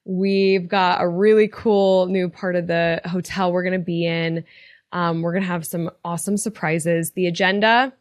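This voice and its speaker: A woman's voice: lowish voice, level tone, normal speed, dry recording. A woman hosting a retail podcast, talking casually with earnest encouragement and open emotion. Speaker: podcast host and retail coach. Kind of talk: casual motivational podcast talk.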